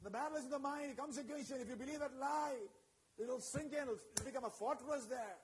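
Male preacher with a very high voice, delivering an emphatic sermon that repeats its key words. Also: quick pace, a little hiss or hum, low-quality recording.

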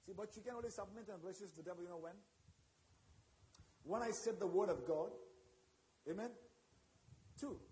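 Male preacher with a very high voice, delivering an emphatic sermon that repeats its key words. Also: moderate pace, pauses often, warm tone, rough recording.

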